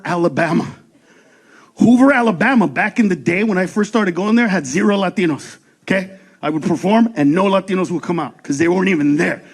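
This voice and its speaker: High-pitched man ranting on stage. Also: husky. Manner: profane, rapid rants with shouted punchlines and acted-out voices. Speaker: stand-up comedian. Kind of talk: stand-up comedy set.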